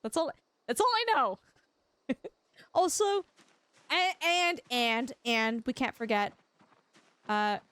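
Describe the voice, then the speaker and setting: A young woman from Canada chats with her livestream viewers while she plays. Her voice sits high, and she talks in a bubbly, giggly way. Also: a bit bright, no room sound. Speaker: livestream gamer. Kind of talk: casual livestream chat.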